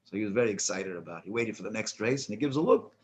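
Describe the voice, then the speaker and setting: Speaking in a fairly low, darkish voice, this rabbi tells a joke, laughs at it himself, then lectures on a prayer. His delivery is animated but stumbling, with frequent restarts and filler words, over slight background noise.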